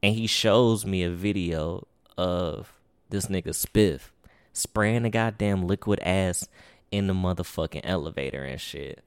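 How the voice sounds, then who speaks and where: Low-voiced man rambling a casual story. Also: a little slow, clean tone, no room sound, clean studio sound. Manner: rambling, profane, fillers like "or whatever". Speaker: podcast host.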